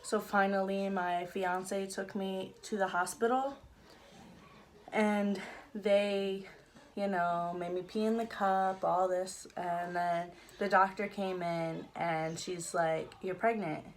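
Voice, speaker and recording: A woman's voice: medium pitch, fairly even intonation, takes it slowly. Chatty young woman telling her story. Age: young adult. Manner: chatty, laughs now and then, many fillers. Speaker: vlogger. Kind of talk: casual storytelling.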